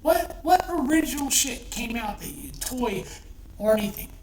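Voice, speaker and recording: A woman's voice: high voice, lively intonation, normal speed, darkish tone. A middle-aged woman delivering an angry, profane rant as an online commentator, heated and repetitive. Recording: echoey room, distant from mic, faint noise.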